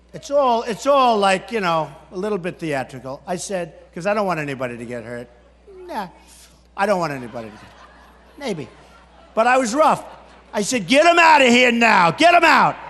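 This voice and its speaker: A man giving a boastful, repetitive campaign rally speech, breaking into shouts. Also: very high-pitched. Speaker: political candidate at a rally. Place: large indoor rally hall. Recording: long hall reverb at a rally.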